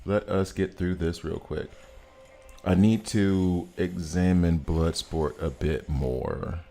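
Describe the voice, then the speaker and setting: A man's voice: low-pitched, slow. An American man chatting casually on a live game stream, greeting viewers and laughing often. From United States. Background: soft background music.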